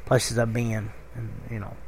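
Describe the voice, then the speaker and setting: A man's voice: fairly low pitch, monotone, a little slow, a little mellow, a little hiss or hum. A middle-aged man with a Kentucky accent, telling a rambling story in a casual podcast monologue. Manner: rambling, conversational, with many fillers and restarts. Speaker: podcast host.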